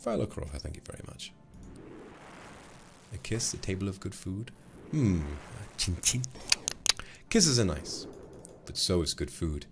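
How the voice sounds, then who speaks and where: Playful man, low voice. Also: big pitch swings, measured pace, vocal fry, long pauses, music in the background. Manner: playful, flirty, teasing. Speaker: streamer. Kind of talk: casual livestream chat, thanking donors.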